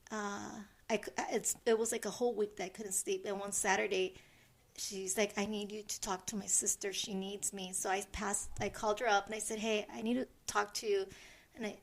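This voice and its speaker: Gravelly-voiced woman talking softly. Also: mid-range voice. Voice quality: soft, halting, many restarts. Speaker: podcast co-host, medium. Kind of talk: casual chat.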